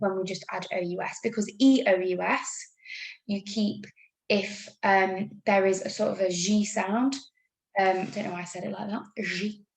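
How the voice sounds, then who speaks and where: A woman's voice: medium pitch, gravelly. Upbeat English woman teaching spelling, echoey. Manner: upbeat, talks slowly through spelling rules. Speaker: primary school teacher. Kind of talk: remote spelling lesson.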